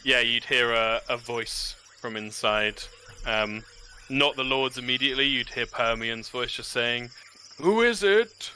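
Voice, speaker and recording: Male game master, very bright timbre, laid-back narration. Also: mid-range voice, little pitch movement, measured pace, a little hiss or hum.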